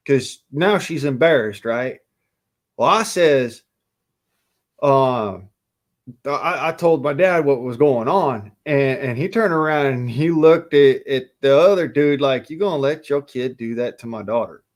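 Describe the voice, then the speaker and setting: Guy from utah cussing his way through a long story, kinda high voice. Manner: profane, rambling storytelling with frequent cursing. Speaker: storyteller in a casual chat. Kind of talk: casual chat.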